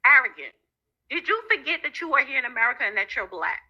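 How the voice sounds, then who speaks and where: Woman, casual online opinion, dismissive, lively intonation, higher voice, dull lo-fi sound. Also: fast talker. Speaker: online commentator. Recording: dull lo-fi clip audio.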